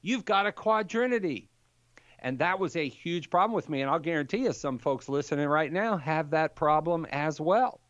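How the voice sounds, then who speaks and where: An older man in casual conversation, telling a lively story and acting out the quotes in it. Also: a little high, normal speed, no room sound, muffled recording. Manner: animated storyteller, acts out quotes. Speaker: Catholic apologist guest.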